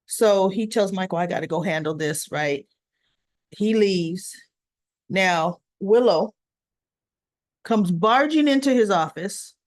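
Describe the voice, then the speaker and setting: A woman's voice: medium pitch, lively intonation, slow, long pauses, dry recording. A woman hosting a casual recap, retelling scenes with acted-out quotes and chatty asides. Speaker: soap opera recap host.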